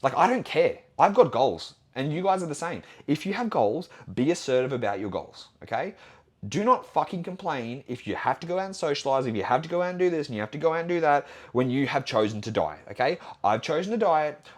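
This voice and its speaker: A man's voice: medium pitch, sing-song, fast talker. A young Australian man hosting a solo podcast as a fitness trainer, talking bluntly and assertively with plenty of swearing.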